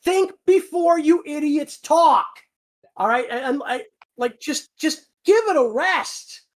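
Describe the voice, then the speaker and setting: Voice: sits high, takes it slowly. A voice actor on a livestream Q&A, ranting heatedly with lots of swearing and repeated words. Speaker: voice actor on a fan channel. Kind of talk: livestream Q&A rant.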